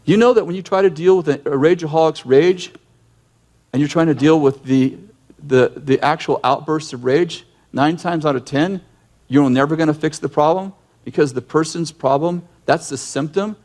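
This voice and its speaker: A man's voice: a little high, moderate pace. A man leading a conversational sermon, a direct and emphatic teacher who acts out scenes from his stories and often restarts his sentences. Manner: animated storyteller who acts out yelling scenes. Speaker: ministry leader and teacher.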